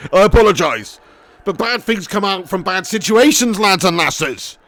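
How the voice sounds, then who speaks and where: A man commentating his football game live and reading out chat messages, excitable and swearing. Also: high-pitched, normal speed. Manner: excitable, swears, cheeky banter. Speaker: gaming streamer.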